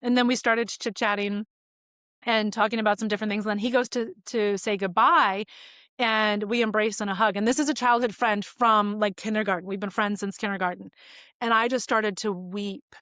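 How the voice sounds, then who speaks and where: A woman's voice: mid-range voice, fairly even intonation, moderate pace, a bit bright, no echo, clean studio sound. A woman in her forties, a podcast guest, telling personal stories in an open, reflective, conversational way. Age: 40s. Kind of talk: casual conversation.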